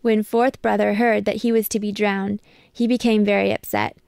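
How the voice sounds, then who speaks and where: A woman reading a picture book aloud with measured, expressive storytelling. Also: mid-range voice, gravelly, clear, resonant tone, no echo, studio quality. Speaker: storybook reader.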